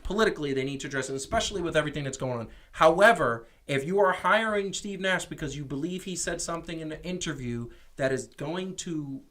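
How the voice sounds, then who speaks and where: Man co-host, casual sports talk, fairly high voice, animated and opinionated, quick restarts. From New York. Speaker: podcast co-host. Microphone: streamed show mic.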